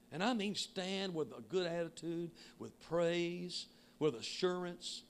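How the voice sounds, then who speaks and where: A man preaching a sermon with emphatic shouting that drops to quiet asides. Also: sits high, expressive, measured pace, hardly any pauses, slight background noise. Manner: shouting, emphatic, swinging between loud and quiet. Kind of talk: Pentecostal sermon.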